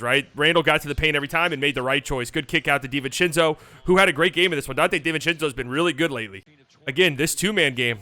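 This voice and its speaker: Male sports host, slightly high voice, dry booth sound, jokey highlight breakdown. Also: pushed and bright, no echo. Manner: playful, joking asides over highlights. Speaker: basketball channel host. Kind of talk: game film breakdown commentary.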